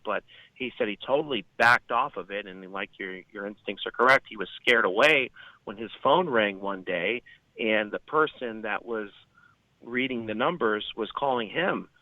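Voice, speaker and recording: This podcast guest is a man with a lowish voice, captured in a dry recording with dull lo-fi sound. He talks conversationally and at length, wandering through many fillers and false starts.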